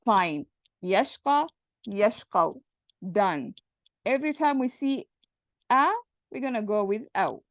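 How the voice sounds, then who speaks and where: A woman's voice: mid-range voice, animated, slow pace, long pauses, no room sound. A woman voicing a group of weary ancient desert men as they settle things in a matter-of-fact way. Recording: dull dry lo-fi recording.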